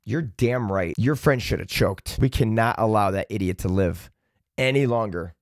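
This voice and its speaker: A man hosting a comedy channel, reading Reddit posts aloud with sardonic, profane, deadpan asides. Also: on the low side, normal speed, no echo, studio quality. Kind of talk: sarcastic comedic commentary.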